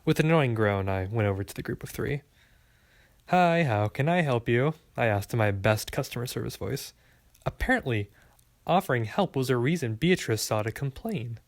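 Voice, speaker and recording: Wry man narrating with a gravelly voice. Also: mid-range voice, lively intonation, a little fast, no echo, clean studio sound. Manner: wry, sarcastic. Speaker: audiobook narrator. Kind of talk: first-person storybook narration.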